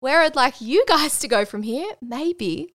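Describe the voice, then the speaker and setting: A woman's voice: high-pitched, lively intonation, a little slow, a bit bright, no room sound, studio quality. A young woman, hosting a podcast and telling a personal story candidly, swearing casually and getting emotional. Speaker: podcast host.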